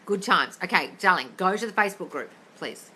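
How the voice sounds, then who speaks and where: A woman's voice: on the low side, expressive, fairly quick, pushed and bright, a little hiss or hum. A woman coaching listeners in a casual live-stream Q&A, blunt and sweary, calling everyone darling. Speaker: manifestation coach answering live questions. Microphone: phone.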